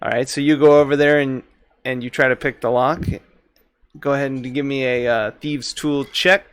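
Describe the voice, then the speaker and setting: A man running a tabletop game as game master, relaxed and quick to laugh. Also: medium pitch, smooth.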